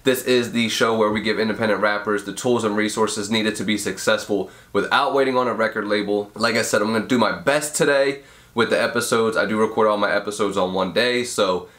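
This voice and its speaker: Young male podcast host, sick and nasal, slightly low voice, laid-back mumbly delivery. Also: a little fast, fairly bright tone. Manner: mumbly, can't fully open mouth. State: sick with a cold, sniffling, nasal. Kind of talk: casual advice podcast.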